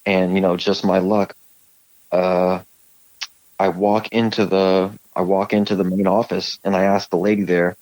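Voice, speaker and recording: Male guest from California, very low voice, halting, dry close sound. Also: level tone, a little mellow, no room sound, poor audio. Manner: rambling, halting, many fillers and restarts. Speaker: guest telling encounter stories. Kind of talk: casual storytelling on a call.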